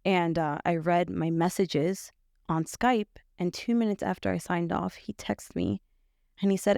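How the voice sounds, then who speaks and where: A young woman speaks as a podcast guest, recounting a personal story in a halting way full of fillers and restarts. Her voice sits low with a gravelly fry, and the sound is close and dry. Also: fairly even intonation, a little mellow, no room sound. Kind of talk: personal testimony in conversation.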